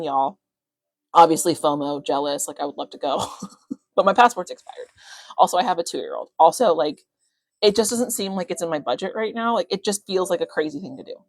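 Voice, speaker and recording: A young woman coaching on a phone live stream, rambling casually with lots of fillers and quick bursts of excitement. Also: lowish voice, no room sound.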